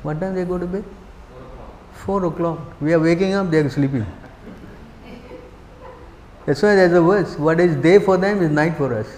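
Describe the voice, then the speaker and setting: A man's voice: fairly high pitch, moderate pace, pauses often, a little mellow, a little hiss or hum. A man giving a spiritual class as a sermon, emphatic, constantly quizzing his listeners with rhetorical questions, in a temple hall. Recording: echoey hall with long reverb.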